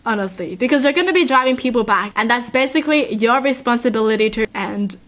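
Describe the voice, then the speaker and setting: A woman's voice: fairly high pitch, animated, quick pace, a bit bright. A woman reading stories aloud and adding chatty, earnest asides to her listeners. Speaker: story reader and commentator.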